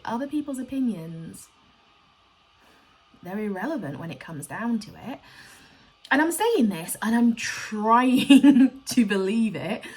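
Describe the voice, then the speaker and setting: Husky woman, candid vlog talk. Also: medium pitch. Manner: confessional and emotional, rambling. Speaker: bullet journal vlogger. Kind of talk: candid personal talk to camera.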